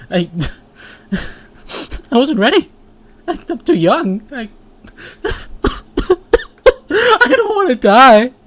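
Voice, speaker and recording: Furry game character, male, comic and over the top, slow and very lively in pitch, voiced by one performer. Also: slightly rough, no room sound. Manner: wildly over-the-top, swinging between shouts and mumbles. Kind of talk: comedic video game voice lines.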